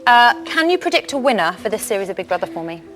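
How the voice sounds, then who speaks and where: A woman's voice: mid-range voice, sing-song, fast talker, a bit bright, faint music behind. An American woman presenting a TV chat show with a jokey, playful delivery.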